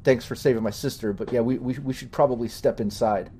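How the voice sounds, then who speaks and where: A man voicing a rattled young farmer who stammers and rushes his words. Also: medium pitch, mellow, slight background noise, close to an everyday voice. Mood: anxious. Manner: stammering, hurried.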